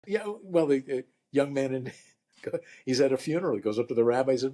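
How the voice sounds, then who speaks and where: Older male comic guest, husky, mellow, dry deadpan jokes. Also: mid-range voice, a little fast. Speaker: guest, comedian and rabbi. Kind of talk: casual interview chat.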